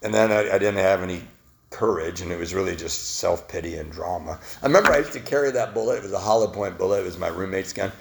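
A man sharing his recovery story at a meeting, self-mocking and laughing at his own past, swinging between loud bits and quiet confession. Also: low-pitched, fast, creaky, noisy background. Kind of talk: personal testimony at a recovery meeting.

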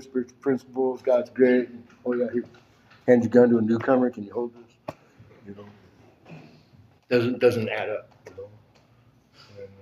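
A man's voice: fairly low pitch, a little mellow, muffled recording. A man in his fifties giving an earnest personal testimony at a recovery gathering, rambling through his story and checking in with "you know?" again and again.

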